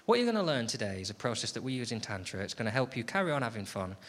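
A comedian voicing a calm, patient female tantra teacher in a lowered, hushed, slow voice. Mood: soothing. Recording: loud background noise.

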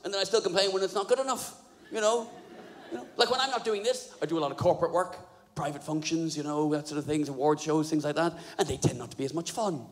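Man, stand-up comedian, sweary and animated, slightly high pitch, live hall reverb, audience noise. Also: fast talker. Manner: sweary, animated, laughing at his own jokes. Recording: live venue, roomy hall echo, crowd noise.

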